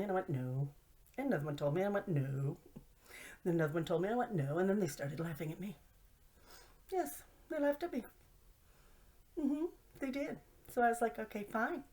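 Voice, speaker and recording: Middle-aged woman, lowish voice, self-mocking storyteller, whispered asides. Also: lively intonation, fast, a little mellow. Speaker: host. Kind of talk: humorous storytelling monologue.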